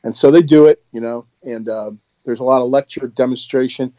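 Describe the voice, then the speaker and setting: Older man, mellow voice, rambling story. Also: mid-range voice, brisk, no echo, dull audio. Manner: rambling, many restarts, animated when retelling. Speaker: former Marine instructor. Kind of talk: casual storytelling.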